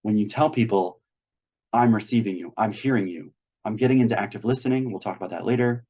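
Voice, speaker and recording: A man's voice: lowish voice, fast talker, warm tone. A man hosting a weekly meetup on a video call, coaching earnestly and acting out sample dialogues. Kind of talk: instructional talk on a video call.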